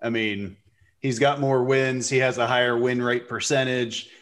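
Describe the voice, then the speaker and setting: A man co-hosting a casual golf podcast, opinionated and quick to rattle off numbers. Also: medium pitch, flat delivery, fairly bright tone. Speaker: podcast co-host, former mini-tour golfer. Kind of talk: casual chat.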